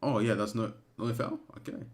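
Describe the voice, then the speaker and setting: A man giving casual live commentary during a watch-along stream, excitable and emotional, breaking into shouts at big moments. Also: lowish voice, normal speed. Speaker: fan streamer commentating a match.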